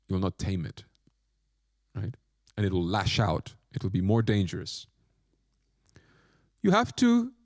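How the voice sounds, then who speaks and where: A man's voice: medium pitch, darkish tone, dry recording, clean studio sound. A man, a monk, giving a spiritual lecture with playful, self-mocking asides and short phrases repeated for emphasis. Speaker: monk teacher.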